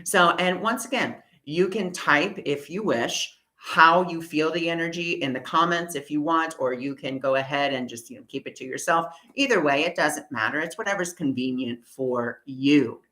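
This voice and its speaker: A woman's voice: deep voice, moderate pace, hardly any pauses, fairly bright tone. A woman leading a live online spiritual workshop, talking casually and encouragingly as she guides listeners through a breathing exercise. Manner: casual and encouraging, repeats reassurances, many fillers. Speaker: spiritual workshop leader, energy healer.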